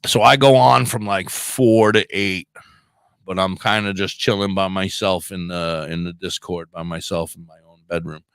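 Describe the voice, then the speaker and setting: Casting: deep-ish middle-aged male radio host, rambling animated storyteller, dry close mic. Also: moderate pace, vocal fry, clean tone, no echo. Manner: rambling, animated anecdotes with laughs. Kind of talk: casual storytelling chat.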